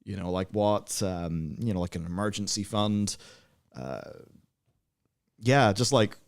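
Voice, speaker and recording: A man's voice: fairly low pitch, a little slow, vocal fry. A man, co-hosting a livestream in casual, rambling, sardonic chat full of fillers. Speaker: livestream co-host.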